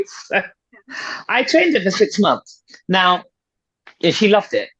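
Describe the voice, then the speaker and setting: With a sing-song, fairly bright voice of medium pitch and a breathy edge, a middle-aged woman talks at a measured pace. She is a podcast guest, a fitness and confidence coach, offering motivational conversation that's emphatic and persuasive, with points repeated for stress. The recording is dull and somewhat lo-fi.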